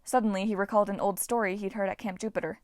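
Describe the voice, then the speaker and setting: A woman reading a novel aloud with steady, even narration. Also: medium pitch, racing, dry recording. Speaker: audiobook reader.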